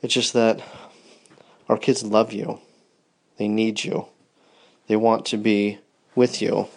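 A man's voice: lowish voice, little pitch movement, slow, creaky. A tired man in his thirties, rambling tenderly and yawning as he records a personal podcast for his wife. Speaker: podcast host.

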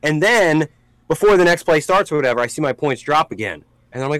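A man co-hosting a casual podcast, telling a story in a profane, animated way with sudden shouted outbursts. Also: fairly high pitch, fast talker, smooth, dry recording, poor audio. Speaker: podcast co-host.

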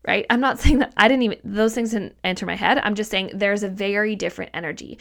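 A woman's voice: medium pitch, steady tone, quick pace, creaky, few pauses. A woman hosting a solo podcast as a mindset coach, talking casually and emphatically, repeating points for stress and swearing now and then.

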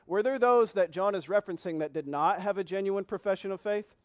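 Male pastor, sermon, high voice, dry close sound, earnest, asks questions, repeats key phrases. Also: no room sound. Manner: reads scripture slowly, repeating key phrases.

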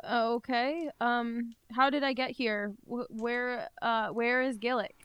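A woman speaks in character at a tabletop game, slow and halting, with stammered questions. Her voice is bright and crisp, a little higher than usual. The recording is dry and close. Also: steady tone, no room sound, lo-fi sound. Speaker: player.

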